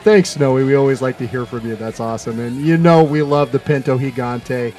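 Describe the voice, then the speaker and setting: A man's voice: medium pitch, fairly even intonation, brisk, a little mellow, soft background music. A man co-hosting a podcast, joking crudely and laughing often. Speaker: podcast co-host. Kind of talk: casual crude banter.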